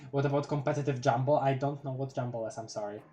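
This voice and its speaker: A streamer with a Polish accent reading a webcomic aloud on a live read-along, breaking off to react with laughs and exclamations. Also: medium pitch. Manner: expressive, reads captions aloud then reacts with laughs and exclamations.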